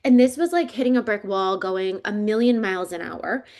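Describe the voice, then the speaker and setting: With a mid-range voice at a normal speed, she relates her story as a psychic coach in an interview. She's in her forties, relaxed and conversational, and lively voices come out when she quotes people.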